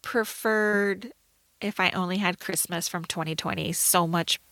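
A woman's voice: fairly low pitch, fairly even intonation, measured pace, fairly bright tone, no room sound. Chatty woman podcast co-host. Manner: chatty, lots of fillers, easygoing laughs. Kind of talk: casual movie review chat.

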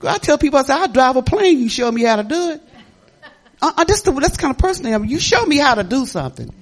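Lively older woman preaching folksy. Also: high voice, quick pace. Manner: rambling, chatty, laughs often. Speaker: pastor. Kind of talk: folksy sermon storytelling.

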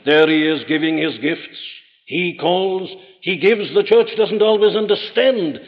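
A man preaching a sermon in an emphatic, rhetorical manner, rising to forceful peaks. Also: high voice, unhurried. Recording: dull old recording in a large reverberant hall.

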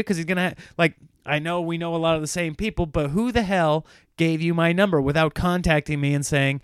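A man's voice: a little high, a little fast, clear, resonant tone, dry recording, clean studio sound. A man hosting a solo podcast in a casual, rambling, self-mocking way, often laughing at himself. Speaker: podcast host.

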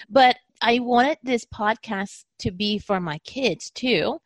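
A woman hosts a podcast, speaking in an effusive, encouraging way as she asks her guest follow-up questions. Her voice sits at a middle pitch, and it is recorded close and dry. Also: takes it slowly, few pauses, no echo. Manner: warm-hearted and effusive, asks follow-ups. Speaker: podcast host. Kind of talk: podcast interview.

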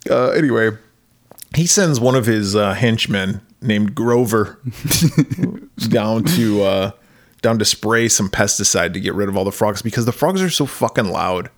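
A man's voice: on the low side, measured pace. A man co-hosting a podcast in casual chat, laughing often and swearing freely as he talks. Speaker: podcast co-host.

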